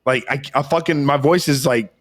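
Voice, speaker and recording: A hoarse young man co-hosting a podcast, telling a long excited story in rambling, swear-heavy casual chat. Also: mid-range voice, brisk. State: hoarse, voice worn from shouting. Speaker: podcast co-host.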